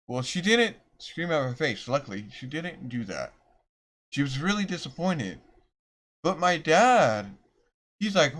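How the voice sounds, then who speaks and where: A man's voice: mid-range voice, expressive, moderate pace, a bit bright. A young man rambling through a storytime vlog, self-deprecating and restarting his sentences often. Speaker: vlogger.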